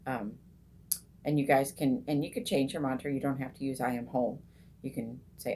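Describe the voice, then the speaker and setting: A middle-aged woman with a low-pitched voice and fairly even intonation hosts a group and teaches meditation in a casual, chatty way, often pausing on "um" and restarting sentences. Guiding the breath, she slows right down and softens, over a faint hum of room ambience.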